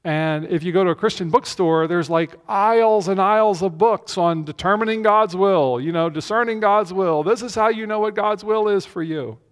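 A man's voice: sits high, moderate pace, hardly any pauses. A male pastor giving a conversational sermon, repeating key phrases for emphasis, in a church. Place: church with a screen behind him. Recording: long reverb of a large hall.

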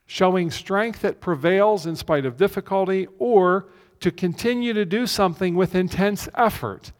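The pastor's voice is high-pitched, at a moderate pace, as he delivers a conversational sermon and repeats key phrases to drive them home. He's in a church with a screen at his back, recorded with a big hall's long reverb.

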